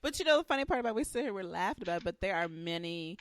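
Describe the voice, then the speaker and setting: A woman's voice: mid-range voice, animated, racing. A woman co-hosting a podcast in casual chat, teasing and emphatic, often ending a point with a check-in. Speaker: podcast co-host.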